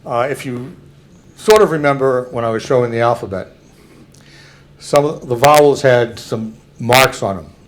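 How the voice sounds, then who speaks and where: An older man giving a public talk, slowly and carefully explaining examples to an audience. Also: medium pitch.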